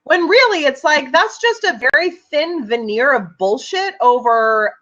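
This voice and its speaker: A woman's voice: sits high, expressive, unhurried, fairly bright tone, muffled recording. A woman co-hosting a casual live-stream chat, blunt and wry, swearing offhandedly. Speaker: co-host.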